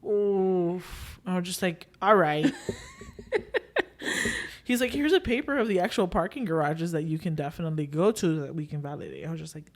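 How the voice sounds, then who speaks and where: A woman's voice: on the low side, normal speed. A young woman hosting a podcast, telling a story in casual chat, acting out what people said and slipping in Spanish filler phrases. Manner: lively retelling, acting out quoted dialogue. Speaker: podcast host.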